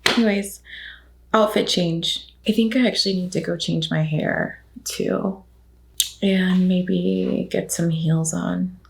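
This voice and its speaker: A woman's voice: fairly low pitch, steady tone, takes it slowly, vocal fry. A woman who is an actor talks to the camera during her work day, sounding tired and muttering to herself with dry jokes. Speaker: actor and vlogger. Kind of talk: talking to the camera.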